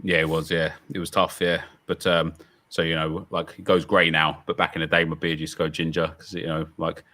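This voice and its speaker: A man's voice: a bass voice, flat delivery, a little fast, pushed and bright. A man chatting casually on a livestream, laid-back with lots of fillers and easy laughter. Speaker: co-streamer.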